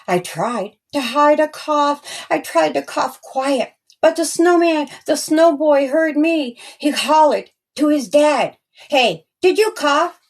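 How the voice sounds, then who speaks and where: A woman reading aloud her own rhyming children's story in a slow, sing-song storytelling manner. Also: sits high, darkish tone. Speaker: storyteller and author.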